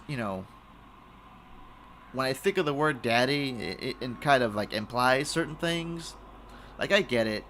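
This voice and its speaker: A man's voice: medium pitch, a bit bright, slight background noise. Rambling, profane male podcast host. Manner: rambling, profane, full of fillers and restarts. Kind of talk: casual solo podcast rant. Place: room, recording alone.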